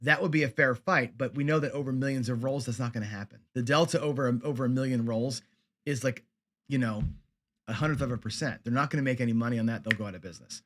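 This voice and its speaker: A man's voice: mid-range voice, fast, fairly bright tone. A middle-aged man hosting a live lesson show, chatting casually with viewers and answering their comments, with lots of fillers and restarts. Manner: conversational, many fillers and restarts. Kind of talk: casual livestream teaching, reading viewer comments.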